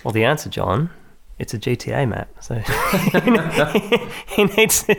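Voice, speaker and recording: A man co-hosting a casual film commentary chat, easygoing and halting as he thinks aloud. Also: mid-range voice, sing-song, gravelly, a bit bright, breathy edge. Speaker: podcast co-host.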